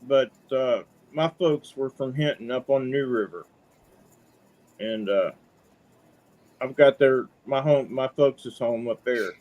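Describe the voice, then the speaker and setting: A man's voice: medium pitch, takes it slowly, long pauses, darkish tone, lo-fi sound. A middle-aged man calling in to a podcast, telling stories in a chatty, folksy way and often tagging on "man.". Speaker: caller. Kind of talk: casual storytelling.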